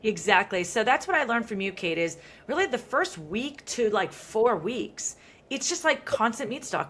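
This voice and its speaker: A woman in her thirties hosting a podcast, talking in a chatty, animated way full of "like" fillers. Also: fairly high pitch, moderate pace. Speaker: podcast host. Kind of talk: casual conversational chat.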